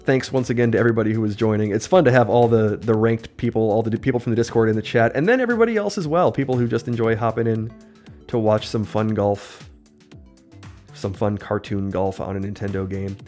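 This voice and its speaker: Excitable male gaming streamer. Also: on the low side, fairly quick. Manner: upbeat, excitable play-by-play. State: voice slightly worn. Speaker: livestreamer. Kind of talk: live gameplay commentary. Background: faint game music.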